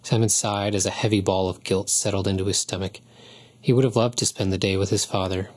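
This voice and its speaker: Husky and a bit breathy from start to finish, a low-voiced man reads an audiobook in a calm, level manner.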